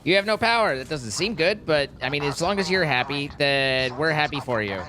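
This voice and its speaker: A man's voice: a little high, lively intonation, a little fast. A man streaming a game, chatting casually with viewers and reacting to the gameplay. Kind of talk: casual live-stream commentary. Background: game music.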